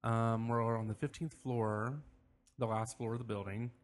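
A man's voice: medium pitch, fairly even intonation, moderate pace. A young man co-hosting a podcast, rambling in casual chat, sometimes while eating. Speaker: podcast co-host.

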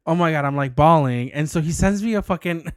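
A man's voice: a little high, brisk, clean tone, no echo, studio quality. A man co-hosting a podcast, telling a rambling story with lots of laughs and restarts. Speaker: podcast co-host. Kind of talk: casual chat. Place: indoor recording studio.

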